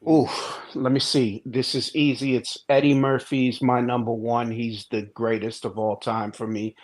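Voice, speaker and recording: Brief: podcast co-host, man, mid-pitched, profane and playful. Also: little pitch movement, normal speed. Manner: profane, joking. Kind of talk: casual chat.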